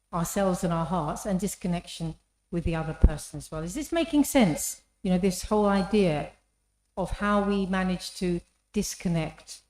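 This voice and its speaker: A woman's voice: mid-range voice, darkish tone. A woman giving an inspirational talk in an engaging storytelling manner, often asking the audience questions. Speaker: speaker. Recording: echoey hall.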